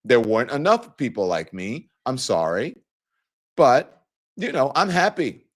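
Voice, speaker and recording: A middle-aged man hosting a casual opinion show, talking straight to viewers in a lively, mocking way. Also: medium pitch, unhurried. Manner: animated, mocking, acts out quoted voices. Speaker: show host.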